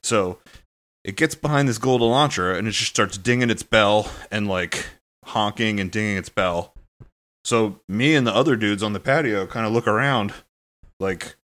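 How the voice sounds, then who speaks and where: A man's voice: lowish voice, fairly bright tone. A man co-hosting a podcast, telling a long casual story in a rambling, loose way, full of fillers. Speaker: podcast co-host.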